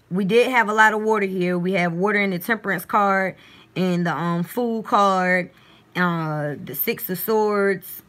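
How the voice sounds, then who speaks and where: A woman's voice: lowish voice, fairly bright tone. A woman doing a casual, chatty live-stream tarot reading on her phone at home, partly reading aloud from a guidebook.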